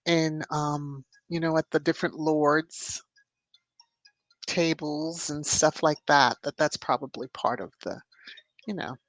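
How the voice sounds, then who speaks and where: This livestream host has a low voice and keeps things relaxed, reading viewer comments aloud with cheeky, talkative remarks of her own. She laughs easily and hums knowingly between lines, all captured in a close, dry recording free of echo.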